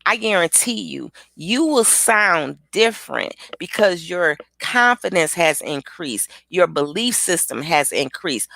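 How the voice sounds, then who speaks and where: Woman motivational host, gravelly voice, lively pitch, casual live-stream chat to viewers. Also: a little slow, few pauses, no echo. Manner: lively, chatty, talks straight to viewers.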